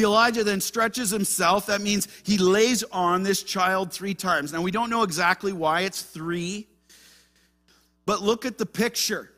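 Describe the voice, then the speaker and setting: A man preaching a sermon as pastor, moving between hushed asides and fervent, raised passages. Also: high-pitched. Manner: impassioned preaching, swings between hushed and loud.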